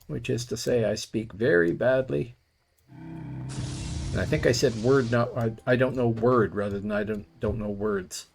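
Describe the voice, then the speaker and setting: A middle-aged man chats at a medium pitch as he plays, drifting from one dry anecdote to the next. He sounds relaxed and conversational, a streamer talking to his viewers while he plays. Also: moderate pace, creaky, faint music behind. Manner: rambling, wry storytelling. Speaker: gaming streamer. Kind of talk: casual commentary while playing.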